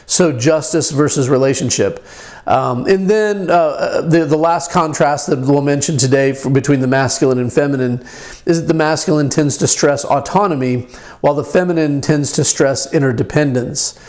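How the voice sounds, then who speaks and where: A middle-aged man giving an informal lecture, halting, with many fillers and restarts. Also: fairly high pitch, darkish tone.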